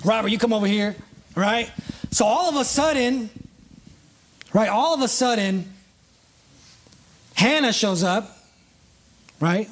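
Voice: medium pitch, expressive, unhurried, pauses often, a little hiss or hum. A preacher giving a conversational sermon, often checking in with "right?" and "you know", and calling listeners up to act out the story. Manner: casts listeners in live illustrations.

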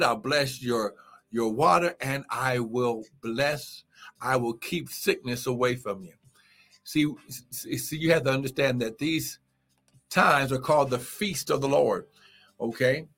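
A man's voice: mid-range voice, takes it slowly, a bit bright, faint music behind. A man preaching a live morning sermon as pastor, exuberant and repetitive, calling out praise and urging listeners on. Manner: repeats phrases and urges listeners to get it.

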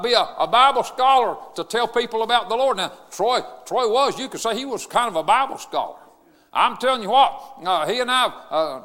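A middle-aged man, preaching a funeral sermon in a folksy way that swings from loud to quiet. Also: very high voice, in a large hall. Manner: folksy, repeats "I'm telling you what", swings from loud to quiet. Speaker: pastor.

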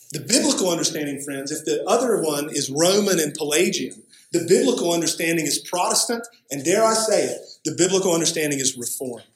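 A man's voice: fairly high pitch, roomy sound, low-quality recording. A male pastor delivering a sermon, emphatic, often checking in with "right?". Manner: emphatic preaching with frequent "right?" asides.

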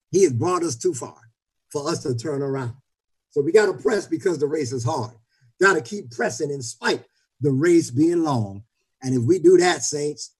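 Husky, fired-up preaching man. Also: fairly high pitch, poor audio. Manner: impassioned preaching, shouting and chanting phrases. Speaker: pastor. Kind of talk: livestreamed sermon.

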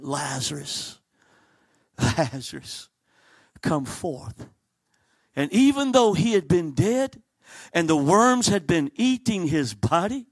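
A man's voice: sits high, a bit bright, no echo. A man preaching a sermon, telling the story with animation and acting out the characters.

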